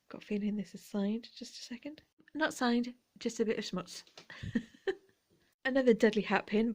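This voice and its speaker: A woman chatting gently as she shows her vintage jewellery finds. She talks quietly, often slipping into whispers, with playful asides. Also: medium pitch. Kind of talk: relaxed show-and-tell chat.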